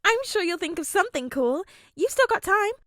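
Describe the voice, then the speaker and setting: A woman's voice: extremely high pitch, sing-song, brisk, no room sound, studio quality, voice pushed up, full character voice. A woman reading aloud voices a cheerful, teasing young woman student. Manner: bright, teasing.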